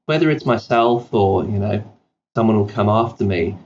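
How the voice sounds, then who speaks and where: A man's voice: fairly low pitch, expressive, darkish tone, highs cut off, a little hiss or hum. A man from South Africa with an accent that blends British and South African, telling self-deprecating stories as a guest in a podcast interview. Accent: mixed British and South African. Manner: self-deprecating anecdotes, quick with fillers and restarts. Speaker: CEO guest.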